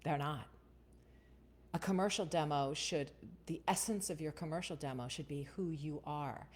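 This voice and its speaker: Low, chatty woman hosting a casual voiceover Q&A. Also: normal speed. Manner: chatty, keeps asking "right?". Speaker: voiceover coach and host. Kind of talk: casual Q&A livestream.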